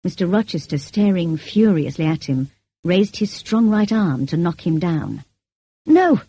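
Low, husky woman reading an audiobook. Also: dry recording. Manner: measured, even. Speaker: narrator.

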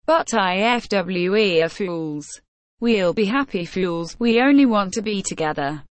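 A woman's voice: medium pitch, animated, measured pace, dry recording, close to an everyday voice. A woman voicing an honest young farmer who speaks plainly and earnestly.

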